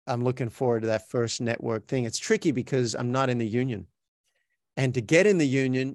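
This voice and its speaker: A man's voice: mid-range voice, no room sound, studio quality. A man with an Australian accent, talking as an interview guest in a chatty, self-reflective way, often restarting his sentences. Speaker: guest, actor. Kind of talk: podcast interview.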